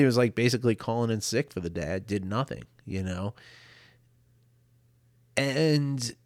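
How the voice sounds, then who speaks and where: A man's voice: medium pitch, no room sound. Man, podcast host, reflective, rambling, fillers, light laughs, dry booth-like sound. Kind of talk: candid personal storytelling. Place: home.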